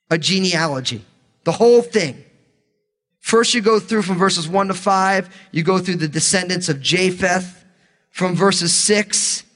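A man with a high voice leads a casual Bible teaching as pastor. He slips informal, jokey asides in between the passages he reads. His voice rings with the long reverb of a large hall. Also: a bit bright.

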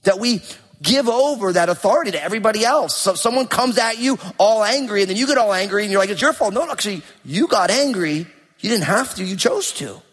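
A middle-aged man preaching a sermon with emphatic, animated delivery and rhetorical questions. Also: high-pitched, fairly quick, husky. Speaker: pastor. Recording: long hall reverb.

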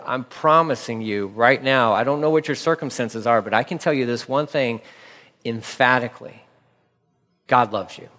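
A man preaching a sermon as a pastor, emphatic and repeating key lines, slowing down when he reads scripture. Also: mid-range voice, a bit bright. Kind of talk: radio sermon. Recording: long hall reverb.

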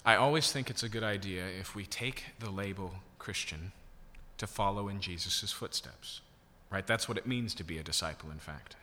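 A man's voice: lowish voice, pushed and bright. A man preaching a sermon, teaching in a conversational way and checking in with rhetorical questions. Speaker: pastor. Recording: reverberant hall.

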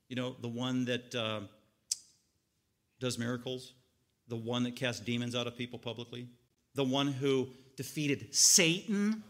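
A man preaching a sermon in a high, bright voice. He moves between quiet explaining and loud, lively outbursts, and he acts out the characters as he goes. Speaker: pastor. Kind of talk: expository sermon.

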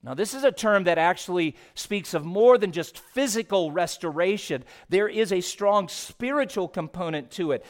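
A male pastor delivers a sermon in a somewhat high voice. He shifts between quiet, low passages and raised, emphatic ones. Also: normal speed, hardly any pauses. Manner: expressive preaching, swinging from hushed to raised.

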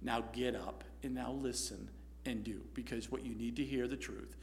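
Man doing God, stern divine father, low voice, quiet, slow and firm. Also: fairly even intonation, slight background noise, natural voice. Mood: stern, hushed.

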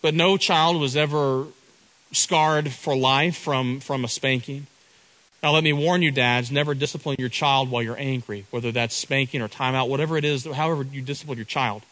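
A man's voice: medium pitch, fairly even intonation, normal speed, a bit bright, rough recording. A middle-aged man preaching a sermon, earnest, often repeating and restarting his words.

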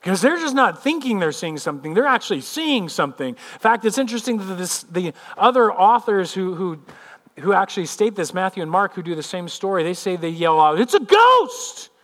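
A man's voice: high voice, a little fast. A male pastor preaching a sermon, telling a scene vividly and then speaking earnestly and personally. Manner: animated storytelling, vividly retelling a scene; earnest and personal when turning to his own life.

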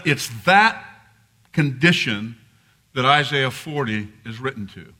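A man preaches to his congregation in a very bright, forward voice. He talks in a loose, conversational way, then leans into emphatic, pressing passages. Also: on the high side, a little slow. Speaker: pastor. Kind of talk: sermon. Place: church sanctuary.

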